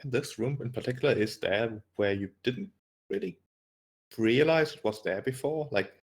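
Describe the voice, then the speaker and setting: A man's voice: medium pitch, normal speed. A man narrating as game master in a tabletop game, describing scenes hesitantly with frequent fillers and restarts.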